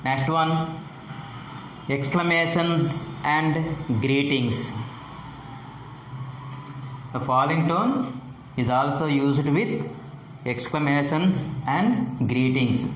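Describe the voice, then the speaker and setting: A man gives an English pronunciation lesson at a very slow, deliberate pace and repeats each example sentence with exaggerated rises and falls in pitch. The recording sits in an echoey room with a faint hum of ambient noise. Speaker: English teacher.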